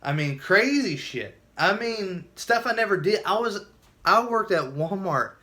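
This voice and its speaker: A man's voice: high voice, expressive, unhurried, sharp tone. A man telling his own story in a casual vlog, earnest and emotional, often restarting his sentences.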